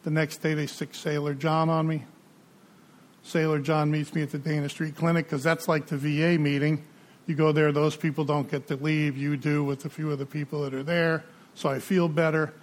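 A man's voice: fairly high pitch, little pitch movement, normal speed. A middle-aged man, the guest speaker at a recovery meeting, telling his personal story in a conversational way and acting out the dialogue he quotes.

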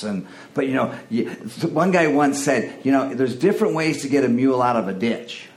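A man hosting a recovery talk show, speaking earnestly with many halting restarts. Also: medium pitch, roomy sound. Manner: halting, self-correcting, earnest. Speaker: host.

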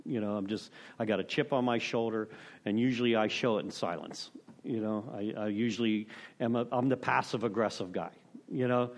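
A man's voice: mid-range voice, fairly quick. A middle-aged man giving a candid, rambling talk on recovery steps, full of self-deprecation and "you know.". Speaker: recovery meeting speaker.

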